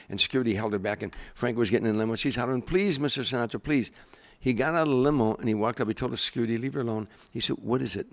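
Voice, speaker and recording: An older comedian telling stories in an interview, animated and acting out the people he quotes. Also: on the low side, vocal fry. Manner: animated storyteller, acts out quoted voices. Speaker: guest, comedian. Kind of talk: storytelling interview.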